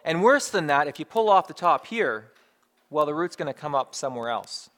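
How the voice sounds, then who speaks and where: A man's voice: on the high side, very animated, normal speed, fairly bright tone. A man preaching a sermon in a conversational way, driving points home through emphatic repetition. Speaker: pastor.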